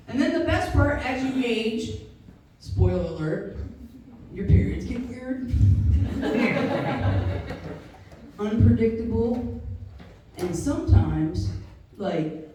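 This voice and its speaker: A woman's voice: on the high side, expressive, takes it slowly, pauses often. A woman in her fifties doing a stand-up comedy set, brash and profane with self-mocking punchlines. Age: 50s. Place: live comedy venue. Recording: distant mic in a reverberant room with audience noise. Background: audience laughter.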